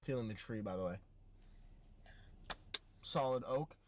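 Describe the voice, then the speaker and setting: A man's voice: mid-range voice, a little slow, a little mellow, a little hiss or hum. A man in casual chat, making dry, joking asides. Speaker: co-host.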